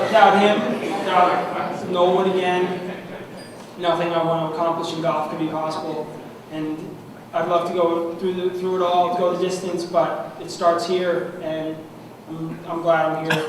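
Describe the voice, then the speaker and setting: A young man giving an award acceptance speech, heartfelt and halting, clearly emotional. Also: on the high side. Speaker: award recipient. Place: large banquet room at an annual meeting. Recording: echoey hall from far off, noisy.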